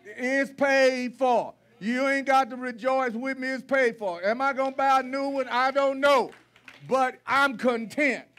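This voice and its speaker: A man preaching a sermon to his congregation in a church, folksy and blunt, driving points home with repetition and rising to shouts. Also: very high voice, steady tone, moderate pace. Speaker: pastor. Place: church sanctuary.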